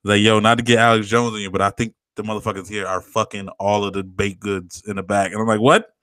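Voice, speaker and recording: A man chats on a podcast in a bright, forceful voice, telling a rambling story with plenty of swearing and laughter. The recording is dry and close, with no room sound. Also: fairly low pitch, level tone, fast, smooth, no echo. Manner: laid-back storyteller, swears a lot, laughs often. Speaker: podcast co-host. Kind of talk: casual chat.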